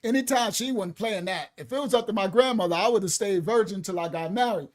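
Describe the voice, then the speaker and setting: Animated man joking through commentary. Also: high-pitched, brisk. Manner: animated, laughs often, jokey storytelling. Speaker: ministry host reacting to a video. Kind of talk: casual commentary.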